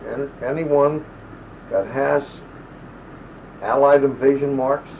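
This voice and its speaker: A man's voice: mid-range voice, fairly even intonation, takes it slowly, creaky. An older man telling rambling wartime stories in an oral-history interview, often acting out the people he quotes. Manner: loose, digressive, acts out quoted voices. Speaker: interviewee, army veteran. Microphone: home audio recorder. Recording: lo-fi old tape with faint hiss.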